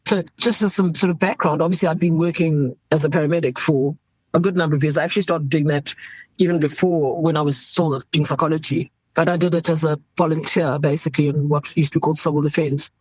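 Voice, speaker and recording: Her voice sits low, a little mellow and husky, with a steady tone and a quick pace. She is an emergency doctor from South Africa in her fifties, speaking frankly in an interview and acting out quoted voices. No room sound is audible, but the recording is rough.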